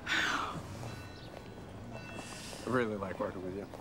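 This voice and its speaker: An actor playing a joking boss who becomes earnest about deadlines. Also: male voice, low voice, fairly even intonation, slow pace, music in the background. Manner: jokey, teasing, then earnest. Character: man, joking boss and publisher. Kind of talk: film acting.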